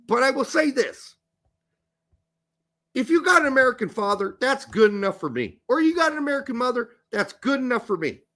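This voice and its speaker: A man with a high, bouncing voice that swings widely in pitch. He co-hosts a casual soccer chat and talks in an animated, profane, rambling way. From born in the US, raised in Germany. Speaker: podcast co-host.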